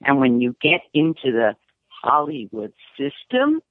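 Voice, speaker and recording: Slow-talking woman on a tinny line. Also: no room sound. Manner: lively, laughing, swings high when animated. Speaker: screenwriter guest. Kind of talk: candid interview chat.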